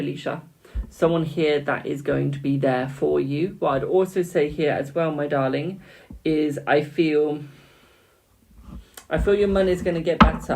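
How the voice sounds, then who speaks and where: A tarot reader from the United Kingdom, a man in his twenties, hosts a live stream where he laughs, teases and calls each viewer "my darling" in a chatty way. His voice sits on the high side and sounds creaky. Heavy background noise fills the audio, including loud keyboard clicking and typing.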